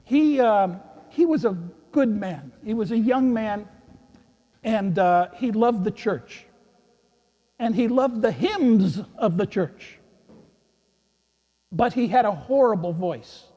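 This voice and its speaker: A man, a priest, giving a gentle children's sermon in a church, telling a story and chuckling with the kids. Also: high-pitched, animated, slow, pauses often. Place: large church. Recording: echoey church hall.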